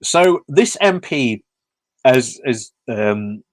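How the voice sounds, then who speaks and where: A man's voice: medium pitch, lively intonation, dry recording. Male commentator, dry close sound, sarcastic and chatty, lots of ums and chuckles. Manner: sarcastic, laughs often, halting with fillers. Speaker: video commentator. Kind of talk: mocking casual commentary.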